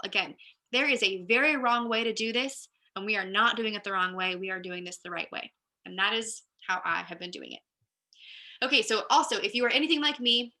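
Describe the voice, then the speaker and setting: A woman with a very bright, forward voice gives a casual training talk to her team. She sits a little above the usual pitch for a woman and talks in a chatty, upbeat, direct way. Her speech is full of "like" and "you guys" as she coaches. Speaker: team leader.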